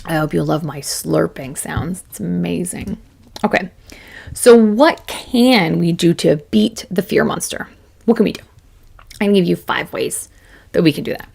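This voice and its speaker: A woman's voice: fairly low pitch, normal speed, creaky, breathy edge. A woman in her forties giving a chatty, self-deprecating motivational talk to camera as a business coach, laughing often.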